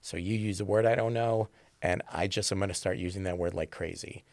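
A man's voice: low-pitched, fairly quick, darkish tone, no echo. A man who teaches improv, talking thoughtfully in an interview, often checking in with "right?". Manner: thoughtful, rambling with fillers and "right?" tags. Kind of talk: conversational interview.

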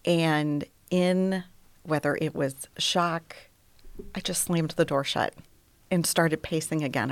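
A middle-aged woman telling her personal story as an interview guest, softly, often dropping to a near whisper. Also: low-pitched, steady tone, slow, no echo.

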